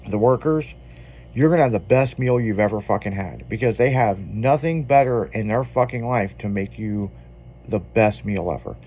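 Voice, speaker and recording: A man's voice: medium pitch, darkish tone. A man hosting an afternoon radio show, telling loose, profane stories in casual banter. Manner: loose, profane storytelling with laughs. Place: radio studio.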